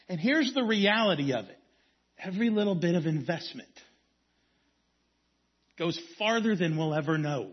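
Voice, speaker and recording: A man with a high, husky voice preaches a sermon, weaving in stories. He swings from strong emphasis down to hushed, quiet lines. The recording sounds a little dull and lo-fi. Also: expressive, normal speed, pauses often. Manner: storytelling preacher, varies volume from strong to hushed. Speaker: youth pastor.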